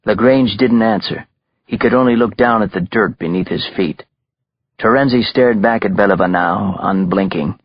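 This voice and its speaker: A male audiobook narrator with a very low, husky voice reads in measured, even narration. The recording is close and dry, with a dull, slightly muffled top end. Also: dry recording. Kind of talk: scripted narration.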